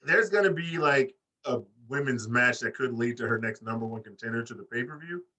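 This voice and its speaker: A man's voice: mid-range voice, brisk, recorded from a distance, low-quality recording. A man co-hosting a casual wrestling podcast, talking animatedly and swearing freely. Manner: animated, swearing, mimics wrestlers in put-on voices. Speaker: podcast co-host. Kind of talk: casual chat.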